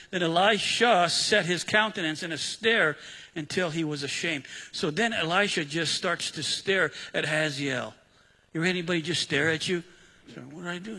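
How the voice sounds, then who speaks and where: A man's voice: fairly high pitch, bright, forceful tone, breathy edge. A man preaching a sermon in a conversational way, retelling scripture in casual everyday words. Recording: long hall reverb.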